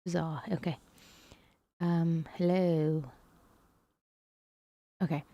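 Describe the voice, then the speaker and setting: A woman's voice: sits low, little pitch movement, very slow, dull audio. A woman live-streaming herself working through math lessons, musing aloud in a hesitant way and sometimes dropping to a whisper.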